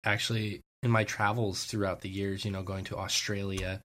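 A man's voice: sits low, little pitch movement, moderate pace, fairly bright tone. A man co-hosting a podcast, talking eagerly in long, rambling explanations. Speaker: podcast co-host. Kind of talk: casual podcast chat.

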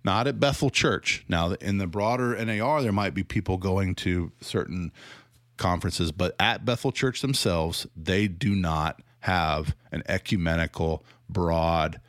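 A man from the American South with a Southern accent talks through a critical commentary in a lowish voice. He is sarcastic and laughs often, restarting his sentences as he goes. The sound is dry, with no room echo. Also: a little slow, a bit bright. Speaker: commentator on church teaching.

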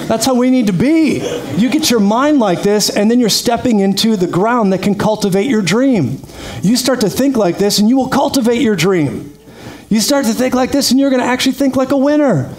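A man preaching a lively sermon, energetic and quick to laugh, calling out praise to his congregation. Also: very high-pitched. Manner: energetic, laughs often, calls out "praise God". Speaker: pastor.

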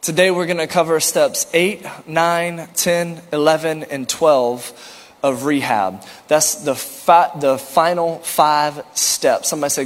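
High-voiced pastor preaching in a hall. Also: male voice, steady tone, unhurried. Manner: earnest, repetitive preaching with rhetorical questions and light jokes. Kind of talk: sermon.

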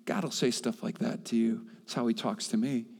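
A man's voice: steady tone, normal speed, husky. Impassioned male preacher in a reverberant hall. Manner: impassioned, swings from loud and high to soft, repeats himself. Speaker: pastor. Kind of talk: sermon.

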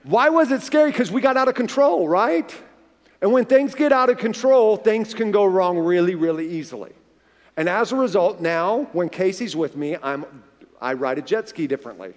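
High-voiced pastor in a reverberant hall. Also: male voice, normal speed. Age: 40s. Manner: animated storyteller who acts out dialogue. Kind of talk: sermon with a personal story. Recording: long reverb of a large hall.

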